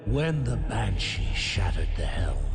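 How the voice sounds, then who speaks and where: An actor playing a solemn, weary armored warlord, speaking in a slow, grave storyteller's way, played back as a game voice clip. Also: male voice, low-pitched, big pitch swings, gravelly, exaggerated voice. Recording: game voice clip with long reverb over music.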